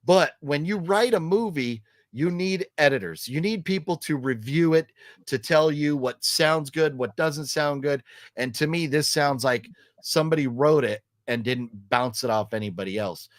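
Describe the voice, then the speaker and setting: A middle-aged vlog host talks casually about a horror movie trailer in a fairly high-pitched voice at normal speed. His opinions come out in a rambling flow full of ums and restarts, and he acts out the lines he quotes while telling the story. Sound is clean and studio-made, with no room ambience.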